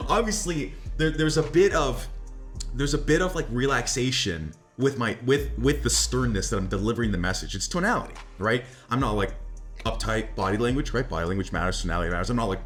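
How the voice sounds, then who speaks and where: Brash, animated male dating coach. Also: mid-range voice, fairly quick, faint music behind. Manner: brash, swears often, laughs at own jokes; repeats "right?" and "like" constantly. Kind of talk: casual coaching monologue.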